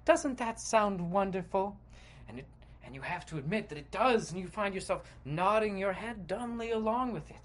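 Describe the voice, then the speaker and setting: A man's voice: high-pitched, fairly quick. A man hosting a podcast, narrating a comedic guided visualization in a playful, dramatic way with sound effects. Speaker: podcast host.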